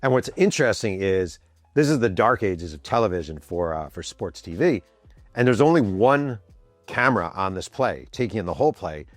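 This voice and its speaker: A man in his fifties with a lowish voice that swings widely as he spins a sports tale. He acts out every quote and curses casually. The sound is dry and close, with faint music behind him. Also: expressive, moderate pace, dry recording. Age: 50s. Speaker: podcast host. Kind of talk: animated sports storytelling. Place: home office.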